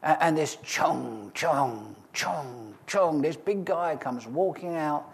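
Speaking slowly in a slightly high, creaky voice, a man delivers a sermon, reading scripture and then retelling it with lively humor and asides to the audience.

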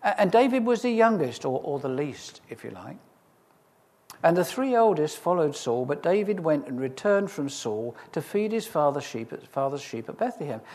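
Male preacher, expository sermon, animated and expressive, slightly higher voice, humorous asides. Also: normal speed. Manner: lively, humorous storytelling with asides. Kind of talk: expository sermon reading scripture.

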